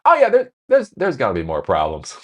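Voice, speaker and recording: A man's voice: wildly swooping pitch, a little fast, a bit bright. A man mocking a chirpy tech boss. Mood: breezy. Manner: mocking, high and bubbly. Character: chirpy overeager male tech CEO.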